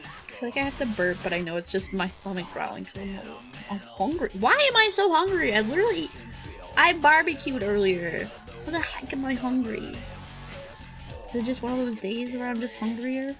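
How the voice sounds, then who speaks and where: A young woman streaming while she draws, chatting casually, giggling often and reading chat out loud. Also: a little high, normal speed, music in the background.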